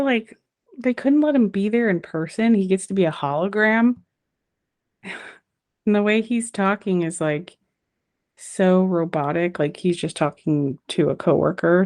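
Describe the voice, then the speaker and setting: Low-voiced wry podcast woman. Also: a little mellow. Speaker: podcast co-host. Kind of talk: casual podcast chat.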